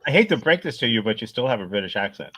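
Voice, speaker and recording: A man's voice: mid-range voice, sing-song, very fast, over a noisy crowd. Man hosting a comedy game. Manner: hesitant, "uh" and "um" fillers while guiding play. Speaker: game show host.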